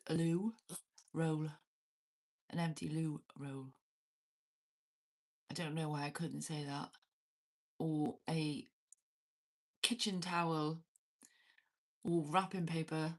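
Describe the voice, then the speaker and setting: Swearing, laughing Welsh woman streamer. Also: sits low. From Wales. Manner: laughs often, swears freely, banters with chat. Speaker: livestream host. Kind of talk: casual livestream chat with viewers. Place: cabin.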